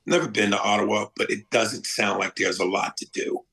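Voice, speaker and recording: Gravelly, bright-voiced podcast host. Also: male voice, lowish voice, fairly even intonation, fairly quick, low-quality recording. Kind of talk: casual podcast chat.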